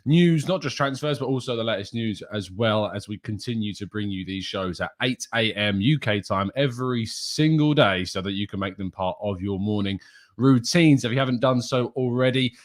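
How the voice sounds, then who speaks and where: A man's voice: lowish voice, moderate pace. A man from England hosting a live show in a casual, chatty way, greeting viewers by name. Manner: chatty, reads out viewer names, slips into a put-on northern accent. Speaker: podcast host.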